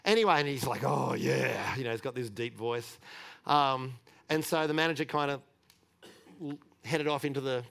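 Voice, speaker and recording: Male pastor, middle-aged, relaxed conversational sermon, candid and chatty. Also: mid-range voice, normal speed, long pauses, clear, resonant tone. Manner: chatty and candid, with frequent restarts and light laughter.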